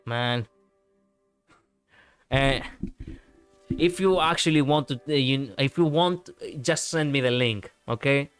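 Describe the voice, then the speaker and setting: A man's voice: medium pitch, takes it slowly, long pauses, clean tone. Chatty man streaming over faint music. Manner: rambling, chatty, reacting to chat, frequent fillers. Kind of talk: casual live-stream chat.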